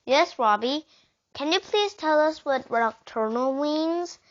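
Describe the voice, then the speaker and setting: A woman's voice: sits high, expressive, slow pace, voice pushed up. A woman reading aloud, voicing a patient, firm female schoolteacher in a storybook. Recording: dull lo-fi recording.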